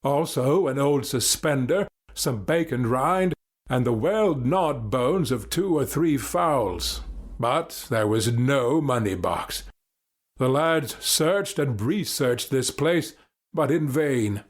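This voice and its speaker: Guy reading a storybook, husky voice, steady and calm. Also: medium pitch, slow. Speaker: narrator. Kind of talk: scripted narration.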